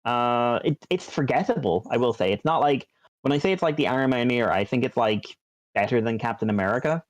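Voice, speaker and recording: A mid-range voice, slightly fast and with no echo, belongs to a man co-hosting a podcast. He rambles casually, stacking ums and likes and restarting often, in a dull, dry, lo-fi recording.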